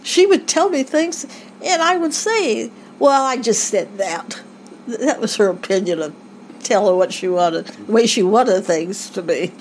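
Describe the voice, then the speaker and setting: Older woman interviewee, halting rambling reminiscence, faint background hiss. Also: mid-range voice, lively intonation, darkish tone, low-quality recording. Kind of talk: family oral history recollection.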